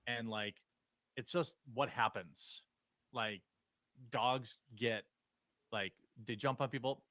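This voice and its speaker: A man co-hosting a casual chat, relaxed and agreeable. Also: mid-range voice, takes it slowly, no room sound.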